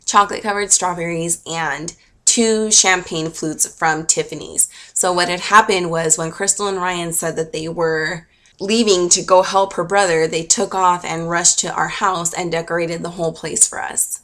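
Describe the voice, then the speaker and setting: Gushing young woman vlogger, low voice. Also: fairly even intonation, normal speed, fairly bright tone. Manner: gushing and emotional, chatty with many fillers. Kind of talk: casual storytelling to camera.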